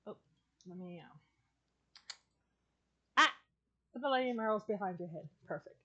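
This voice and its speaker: A woman's voice: mid-range voice, expressive, normal speed, bright, forceful tone, lo-fi sound. A woman chatting casually on a podcast, rambling through an anime plot with lots of fillers, restarts and swearing. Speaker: streamer and podcast guest. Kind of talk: casual chat.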